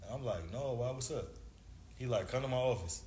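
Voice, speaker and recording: Speaking a little fast in a mellow, mid-range voice, this thirtysomething ex-basketball player spins a lengthy, casual tale full of slang and performs each line of dialogue. It was captured in an echoey room with a faint hum of background noise.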